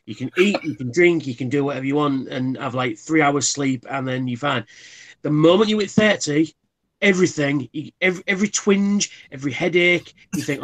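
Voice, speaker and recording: Guy in his thirties hosting a stream, kinda higher voice, rambling and swearing. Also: a little fast. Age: 30s. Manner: swears freely, rambling anecdotes. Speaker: live stream host. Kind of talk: casual chat.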